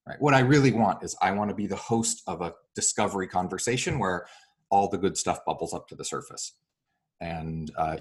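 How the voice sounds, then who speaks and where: A man speaking as an interview guest, explaining his ideas with many fillers and lively acted-out example dialogue. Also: lowish voice. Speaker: real estate broker and coach.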